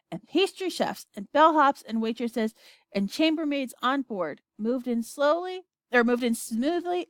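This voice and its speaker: Lively woman reading a storybook. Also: on the high side, dry recording. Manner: expressive, lively character voices. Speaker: audiobook reader. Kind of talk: storybook narration.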